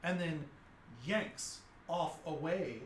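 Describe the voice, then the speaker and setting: A man narrating as game master in a halting way, full of fillers and restarts. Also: on the high side, roomy sound, slight background noise. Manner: hesitant, halting, many fillers.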